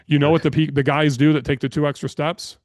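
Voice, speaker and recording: A man guesting on a podcast, telling business stories in an energetic, blunt way and swearing freely. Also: on the high side, quick pace, dry recording, clean studio sound. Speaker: podcast guest, real estate investor. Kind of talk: casual interview storytelling.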